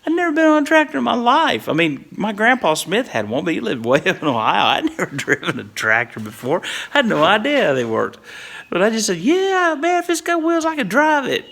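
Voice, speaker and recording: Gravelly middle-aged storyteller. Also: male voice, high-pitched, very animated, a little fast, a bit bright. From Whitley County, Kentucky. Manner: chuckles often through his story. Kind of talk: casual comic storytelling.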